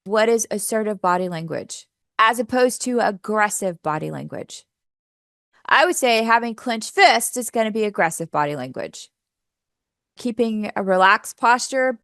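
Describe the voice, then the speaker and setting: A woman's voice: mid-range voice, lively intonation, normal speed, fairly bright tone, no echo. Woman workshop presenter, upbeat coaching manner, dry close sound. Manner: upbeat, coaching, asks the audience questions. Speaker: teacher trainer.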